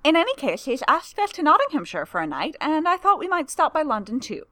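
A woman doing a bright, chatty young woman. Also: sits high, sing-song, fast, dry recording, voice pushed up, heavily acted.

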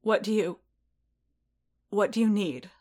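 Din Djarin, as a woman reads a hushed, heartbroken warrior. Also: mid-range voice, takes it slowly, natural voice. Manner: hushed, faltering. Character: heartbroken, shaken warrior man.

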